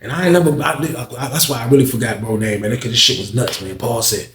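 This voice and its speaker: Quick-paced and mid-range, this man's voice carries an animated, curse-heavy slang tale of his prison days, with impressions of others' voices along the way. There's a roomy echo and slight hiss or hum in the audio.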